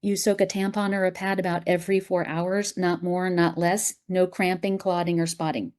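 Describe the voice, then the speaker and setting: A woman guest in a conversational interview, talking emphatically with strong opinions and quick asides. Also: lowish voice, little pitch movement, a little mellow. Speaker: guest, acupuncturist and app founder.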